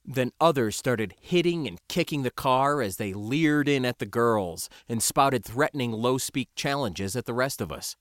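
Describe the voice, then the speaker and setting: A man reading a first-person story as an audiobook narrator, in a wry, lively storytelling way. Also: medium pitch, moderate pace, few pauses, no room sound, studio quality.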